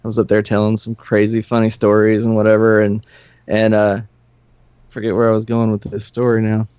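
A Nashville, USA man in his forties, once a punk musician, tells rambling, profane stories with frequent chuckles as a podcast guest. His lowish voice is monotone, brisk, smooth, and a little mellow, and the recording is dull, lo-fi, and dry with no echo.

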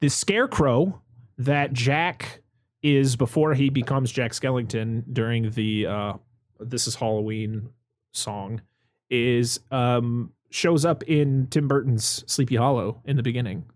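A man's voice: mid-range voice, slow, no room sound, studio quality. A man co-hosting a casual movie podcast, chatty and given to exasperated rants. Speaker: podcast co-host.

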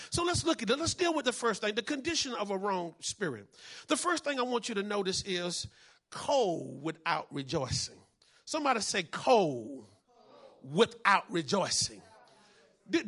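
Male pastor, high bright voice, call-and-response preaching. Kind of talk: sermon.

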